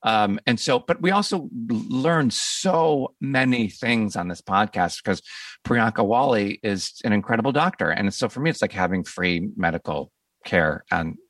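A man's voice: fairly low pitch, expressive, normal speed, a bit bright, dry recording, distant mic. A man hosting a podcast, chatting casually and enthusiastically, often repeating words as he rambles. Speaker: podcast host. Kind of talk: casual interview chat.

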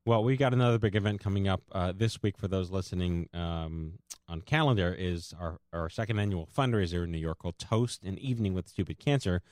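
A man's voice: sits low, a little fast, hardly any pauses, darkish tone, dry recording, clean studio sound. A man hosting a podcast, chatty and joking, sometimes tripping over his words. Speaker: podcast host. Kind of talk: casual chat.

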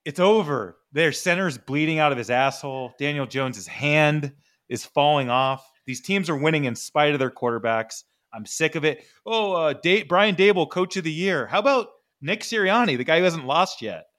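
A man's voice: on the high side, lively intonation, normal speed, a bit bright. A man hosting a sports podcast, ranting in mock anger with sarcastic jabs. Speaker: podcast host. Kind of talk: ranting casual chat.

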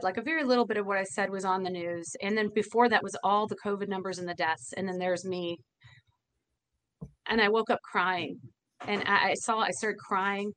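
A woman's voice: fairly high pitch, a bit bright. A woman who owns a bar, speaking earnestly and from the heart in an interview, often restarting her sentences. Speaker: bar owner. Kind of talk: emotional interview talk.

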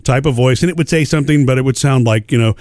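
A man's voice: mid-range voice, fast, a little mellow, no room sound, studio quality. A man hosting a radio show, chatting casually and thinking aloud about technology. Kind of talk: casual chat.

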